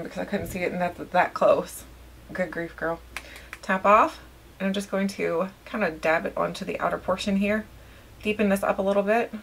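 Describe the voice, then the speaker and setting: A woman chatting casually to her viewers while doing her makeup, rambling and poking fun at herself. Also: mid-range voice. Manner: chatty, rambling, self-deprecating. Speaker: beauty vlogger. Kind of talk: casual get-ready-with-me chat.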